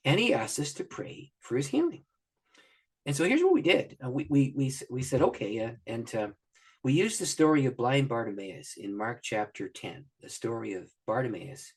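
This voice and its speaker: A man's voice: mid-range voice, husky. A middle-aged man, a pastor, animatedly telling a story as a guest on an interview podcast, acting out the dialogue. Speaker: guest, pastor and prayer minister.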